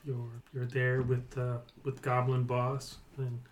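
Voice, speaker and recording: A man running a tabletop game as game master, narrating in a halting, easygoing way. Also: mid-range voice, monotone. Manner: halting, laughs easily.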